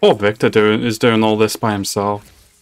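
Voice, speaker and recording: A man's voice: lowish voice, level tone, moderate pace, smooth, faint music behind. A man hosting a reaction video, talking casually and blurting out reactions, often swearing and laughing. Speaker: reaction channel host.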